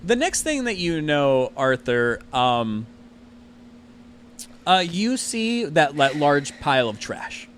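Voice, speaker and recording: Guy running a tabletop game, rambly with lots of likes and ums, slightly higher voice, faint hiss. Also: very animated, slow pace, fairly bright tone. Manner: rambling, full of fillers. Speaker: game master.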